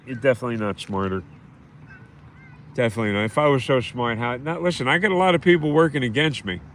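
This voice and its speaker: A man's voice: mid-range voice, fast talker, a little hiss or hum. A man hosting a livestream, ranting bitterly and scornfully and repeating himself in a rambling monologue. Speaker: livestream host.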